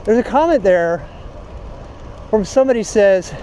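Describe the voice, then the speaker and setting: A man with a high, mellow voice rants bluntly and profanely in a casual monologue. He talks while riding outdoors on a camera mic. Faint street noise sits behind him. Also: animated, normal speed, pauses often. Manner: blunt and profane, heated ranting. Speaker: cycling vlogger.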